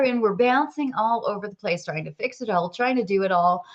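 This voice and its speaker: A woman's voice: a little high, normal speed, few pauses. A woman business coach, congested with a cold, talking emotionally and expressively to her followers on a live stream. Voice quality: expressive, laughs often, swings between bright and soft. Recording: dull lo-fi live-stream audio.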